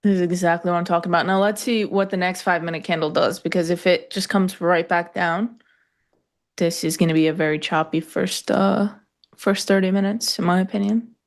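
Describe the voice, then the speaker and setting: A woman's voice: fairly low pitch, fairly even intonation, brisk. A woman co-hosting a live trading show, chatting casually with dry sarcastic asides. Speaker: co-host.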